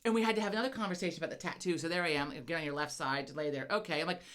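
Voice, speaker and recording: A woman's voice: fairly low pitch, racing, fairly bright tone. A woman co-hosting a casual podcast chat, telling a profane story with lots of laughter. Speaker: podcast co-host.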